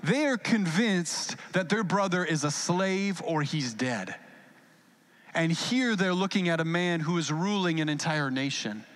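Male pastor, high voice, chatty animated sermon delivery. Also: measured pace. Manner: casual, animated storytelling with asides.

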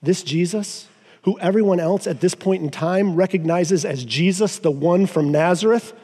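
A man preaching a sermon as pastor, emphatic and slowing down to stress key phrases. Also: high voice, dark tone, husky, long reverb tail. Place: church sanctuary.

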